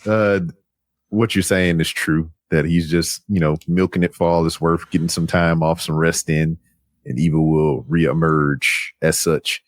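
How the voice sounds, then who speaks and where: A man's voice: low-pitched, steady tone, measured pace, dry recording, studio quality. A man co-hosting a podcast in casual chat, laid-back and joking, rambling through his points. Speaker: podcast co-host. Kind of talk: casual chat about wrestling.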